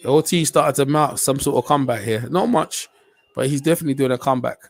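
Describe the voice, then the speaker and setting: A man's voice: medium pitch, fast. A man giving casual, slang-heavy live commentary on a boxing match as a stream host. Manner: slangy, chatty, rising to excited shouts on big punches.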